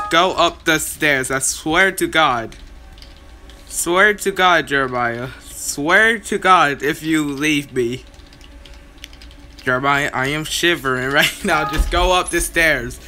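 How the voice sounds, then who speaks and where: A man's voice: a little high, slow pace, pauses often, pushed and bright, faint music behind. A man playing a horror game and commentating, yelping in panic and laughing as he goes. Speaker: gaming channel host. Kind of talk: let's-play commentary.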